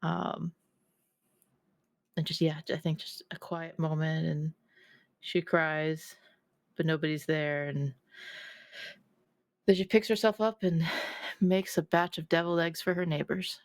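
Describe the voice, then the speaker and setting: Woman player talking slow n thoughtful about her character, bit of vocal fry. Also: low-pitched, fairly even intonation, dry recording. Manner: thoughtful, hesitant, many pauses. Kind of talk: describing her character in a tabletop game.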